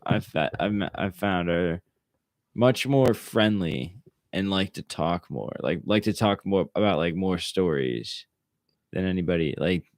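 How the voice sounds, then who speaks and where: Relaxed young man from Maryland, low voice. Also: a little slow, no echo. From Maryland, USA. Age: young adult. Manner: relaxed, rambling, many "like"s. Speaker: guest. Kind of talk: casual chat.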